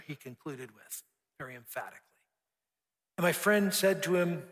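A man's voice: fairly high pitch, a little fast, bright, forceful tone. A man preaching a sermon, telling a story earnestly and building emphasis through repeated phrases. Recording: long hall reverb.

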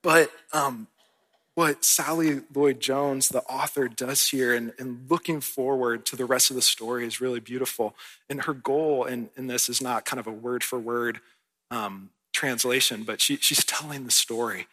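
Bright, husky-voiced pastor preaching. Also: male voice, medium pitch, fairly even intonation, moderate pace. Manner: earnest, conversational, often asks "right?". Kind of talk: sermon. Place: church.

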